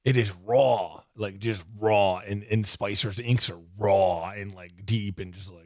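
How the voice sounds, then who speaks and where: Winded guy rambling excitedly about a comic, lots of "like", lowish voice, dry sound. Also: measured pace, hardly any pauses, dry recording. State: out of breath, voice fading. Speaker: comic book reviewer. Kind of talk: casual video review.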